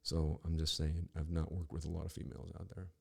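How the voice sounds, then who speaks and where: Man, podcast host: very low, gravelly voice with a dark tone; casual, profane, rambling storytelling. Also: little pitch movement, fast. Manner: profane, rambling, with frequent restarts.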